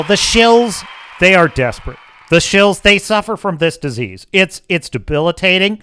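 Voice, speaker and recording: A man's voice: high-pitched, sing-song, moderate pace, bright, forceful tone, smooth, no room sound. A man hosting a livestream, reading chat aloud and ranting sarcastically with frequent swearing. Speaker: livestream host. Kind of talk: casual chat reading live chat.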